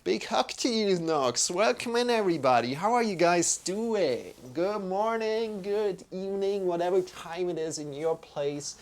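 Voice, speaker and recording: Slow, gravelly-voiced male yoga teacher. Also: high voice, expressive. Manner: unhurried, reads chat aloud and greets viewers by name. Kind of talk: live-streamed yoga class. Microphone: streaming microphone.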